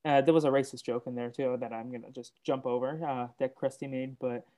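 A man's voice: mid-range voice, steady tone, a little fast, dark tone. A man co-hosting a casual podcast, recapping film scenes step by step with frequent hesitations. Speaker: podcast co-host.

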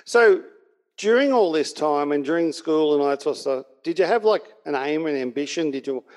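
A man's voice: fairly high pitch, lively intonation, a little fast, a little mellow. A man hosting an interview, asking questions and giving brief supportive prompts. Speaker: podcast host.

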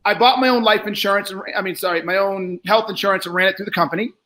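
High bright-voiced guy coaching sales, cussing, yells then goes quiet. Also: quick pace. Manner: blunt, profane, lecturing; often shouts, then drops low. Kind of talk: live sales coaching role-play.

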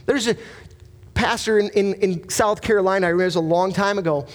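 A man's voice: high-pitched, quick pace. A pastor preaching a sermon to his congregation, earnest and emphatic, mixing personal stories with rhetorical questions.

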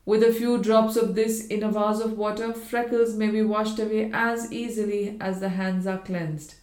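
A woman's voice: mid-range voice, little pitch movement, normal speed, darkish tone, natural voice. A woman reading as a proud male scientist. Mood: earnest. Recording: roomy echo.

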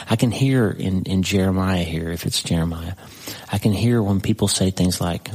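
A man preaching a sermon, reading scripture aloud slowly with dramatic pauses and breaking into conversational asides to the listener. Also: low-pitched, a little mellow, husky, poor audio.

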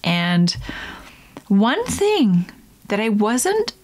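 A young woman chats casually as the host of her own podcast. She is animated and talkative, and she drops into silly voices when she quotes people. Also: mid-range voice, extremely slow. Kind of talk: casual solo podcast chat.

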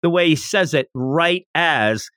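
A man's voice: on the high side, expressive, measured pace, a bit bright, no room sound, clean studio sound. A man hosting a podcast, chatting casually as he recaps a manga chapter and laughs while acting out the characters' lines. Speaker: podcast host.

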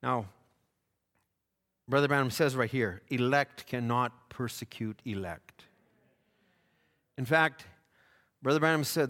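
A man's voice: on the high side, a bit bright, long reverb tail. A man preaching a sermon in a fervent way, often stumbling over restarts and repeated words.

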